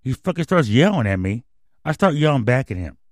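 A man's voice: medium pitch, big pitch swings, fairly quick, dry recording. A man hosting a radio show, telling an angry, profanity-filled story in a heated rant. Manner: angry, swearing constantly, heated.

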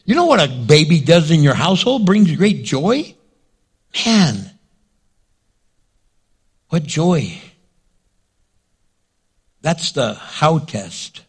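A man's voice: fairly high pitch, slightly rough. A male pastor preaching a sermon in a dramatic way, acting out scenes and quotes.

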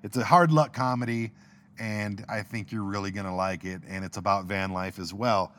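A man's voice: lowish voice, fairly even intonation, moderate pace, fairly bright tone. A middle-aged man hosting his own podcast alone, rambling casually and cracking self-deprecating jokes. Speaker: podcast host. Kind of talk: casual solo podcast monologue.

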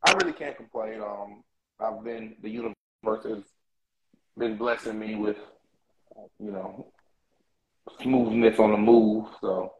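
A man's voice: fairly low pitch, unhurried, long pauses, roomy sound, highs cut off, over a noisy crowd. A man co-hosting a podcast in a casual, slangy, playful chat, yawning and a bit tired. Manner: laid-back, slangy, playful, sings a bit. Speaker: podcast co-host. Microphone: earbuds.

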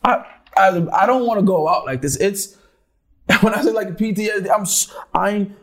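A man's voice: high voice, moderate pace. A young man telling a story casually, rambling and restarting often. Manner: animated, rambling, many restarts.

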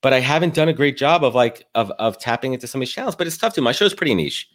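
A man hosting a podcast, telling rambling, animated stories with many restarts in casual talk. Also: medium pitch, fast talker. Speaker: podcast host.

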